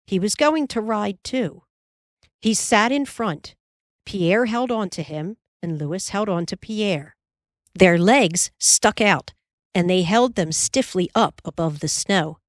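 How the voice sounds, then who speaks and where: A woman narrating a children's book in an expressive, animated reading style. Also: lowish voice, dry recording, clean studio sound. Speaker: audiobook narrator. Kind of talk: scripted storybook narration.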